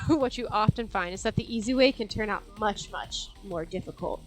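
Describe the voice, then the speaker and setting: Young woman streamer, higher voice, playful and foul-mouthed, reads game text with faint music behind. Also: fairly quick, hardly any pauses. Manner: playful, jokey, swears casually. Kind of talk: reading a game aloud with commentary.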